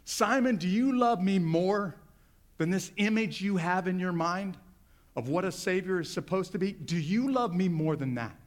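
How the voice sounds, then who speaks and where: A man's voice: high-pitched, moderate pace, lightly acted. A male pastor voicing Jesus as an earnest man pressing his friend with pointed questions in a sermon.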